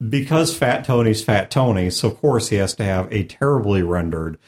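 A man's voice: on the low side, animated, moderate pace, a little mellow. A man who is a game master and podcast host, explaining a tabletop game in casual chat with a wry manner and frequent laughter.

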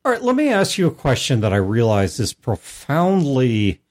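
A man's voice: medium pitch, wildly swooping pitch, normal speed, a little mellow. A man hosting a podcast, asking careful, probing questions. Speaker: podcast host. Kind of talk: casual chat.

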